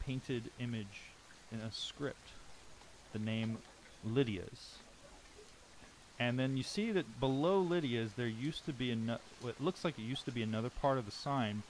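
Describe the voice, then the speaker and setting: A man running a tabletop role-playing game as game master, narrating the scene at a middling pitch. He describes things step by step and pauses often on ums. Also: a little hiss or hum.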